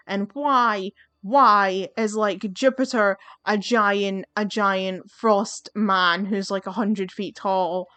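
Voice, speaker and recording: A woman's voice: mid-range voice, steady tone, slow pace, few pauses, a bit bright, clean tone, no room sound. Ranting woman gaming host, dry sound. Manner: ranting, exasperated, swearing. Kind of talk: let's play commentary.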